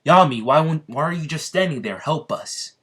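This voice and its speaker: A man voicing an eager, earnest young male knight who shouts his lines. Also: fairly low pitch, slow, breathy edge, heavily acted. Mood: desperate.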